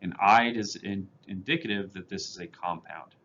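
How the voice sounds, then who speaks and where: Low-voiced man giving a lo-fi lecture. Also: normal speed, fairly bright tone. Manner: plain, methodical explaining with fillers. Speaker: chemistry teacher. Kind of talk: recorded lecture over slides.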